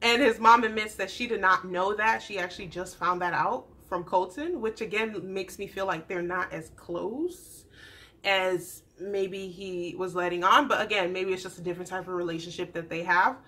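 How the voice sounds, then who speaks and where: A young adult woman chatting through a casual TV recap, animated and acting out the people she describes. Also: mid-range voice, moderate pace. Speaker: YouTube TV recap host.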